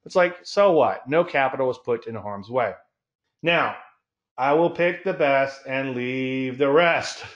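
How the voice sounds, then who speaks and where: A man hosting a trading talk show, speaking in a folksy, emphatic way, drawing out key words slowly and chuckling at his own jokes. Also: medium pitch, muffled recording. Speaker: trading educator and show host. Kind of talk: solo market talk show.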